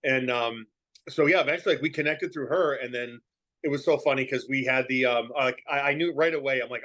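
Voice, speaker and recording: A man's voice: mid-range voice, brisk, a bit bright. A man with a light New England accent, chatting as a podcast guest, rambling with lots of fillers and restarts. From Massachusetts. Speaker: podcast guest, professional wrestler. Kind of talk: casual chat.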